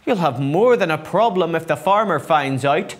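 A man voicing a fussy, cross hen who complains in a shrill voice. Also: unhurried, a bit bright. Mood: warning.

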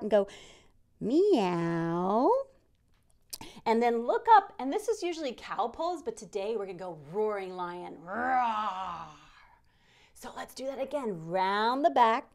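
A woman's voice: a little high, darkish tone. A woman teaching yoga to young children, talking to them directly in a playful, encouraging way and telling a pretend story with gasps and exclamations. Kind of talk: guided kids yoga lesson.

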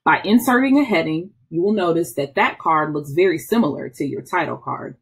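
A woman, an instructional technology trainer, walking through software step by step in a patient, explaining way with small restarts. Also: deep voice, animated, brisk, husky. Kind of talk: screen-recorded software tutorial.

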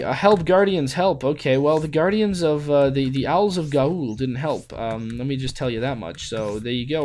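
Male gaming host, let's play commentary, chatty and jokey, talks through every move, average pitch, faint noise behind. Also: darkish tone. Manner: goofy rhymes and wordplay.

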